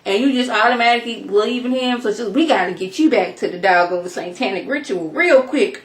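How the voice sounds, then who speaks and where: A woman reviewing a TV episode in a casual recap, animated and jumping into character voices. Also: a little high, a little fast, reverberant.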